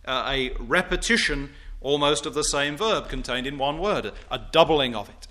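A man preaching a sermon, deliberate and emphatic, with formal, old-fashioned wording and rising declamation on scripture quotes. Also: mid-range voice, animated, pushed and bright.

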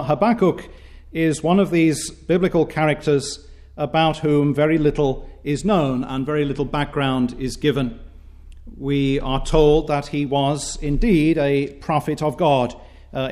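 A man preaching a sermon, reading scripture aloud and speaking in a measured, formal manner with frequent hesitations. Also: a little high, darkish tone.

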